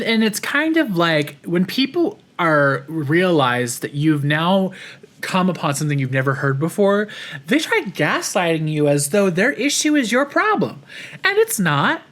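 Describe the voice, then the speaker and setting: A man's voice: a little high, sing-song, moderate pace, a bit bright. A man hosting a podcast, talking through a personal check-in in a reflective, rambling way with many restarts and fillers. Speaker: podcast host.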